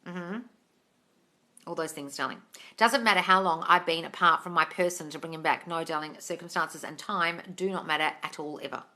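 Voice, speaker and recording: A young woman hosts a casual live Q&A about manifesting, reading viewer comments aloud and answering them frankly, swearing and calling everyone darling. Her voice sits low, pushed and bright, at normal speed.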